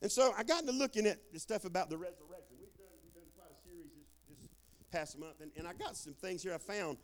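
A man preaching a sermon in a folksy storytelling way, joking with the congregation and dropping into quiet asides. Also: high-pitched, fast, crowd noise. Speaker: guest preacher.

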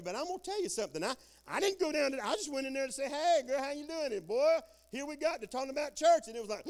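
A man preaching a sermon in a folksy storytelling way, joking with the congregation and dropping into quiet asides. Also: very high-pitched. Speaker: guest preacher.

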